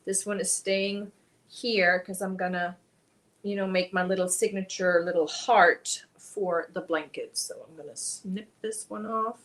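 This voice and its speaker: A woman's voice: medium pitch, measured pace. A woman hosting a crochet livestream, chatting casually and answering viewers by name while she works. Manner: chatty, animated, reads out viewer names and answers them.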